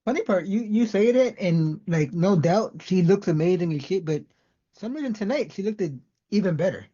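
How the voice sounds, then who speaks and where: A man's voice: sits high, lively intonation, normal speed, warm tone, lo-fi sound. A man co-hosting a casual wrestling podcast, laid-back and laughing along. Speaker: podcast co-host. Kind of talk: casual wrestling review chat.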